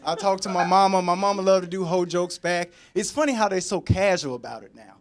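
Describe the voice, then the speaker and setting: High-voiced profane stand-up comedian. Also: male voice, a little fast. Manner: loose and profane, sudden high sung bits. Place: comedy stage before a live studio audience. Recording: laughing live audience. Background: crowd laughter.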